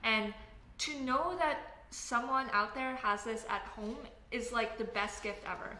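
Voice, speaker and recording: A woman's voice: fairly high pitch, measured pace, pushed and bright. A Canadian woman hosting a casual livestream. She reads chat comments and rambles with lots of fillers and self-corrections. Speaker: livestream host reading chat. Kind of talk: casual live chat while building. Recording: echoey room with faint background noise.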